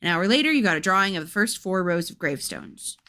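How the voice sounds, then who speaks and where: A woman's voice: on the low side, animated, quick pace, pushed and bright. A woman streamer reading a gamebook aloud and breaking off for chatty, wry asides.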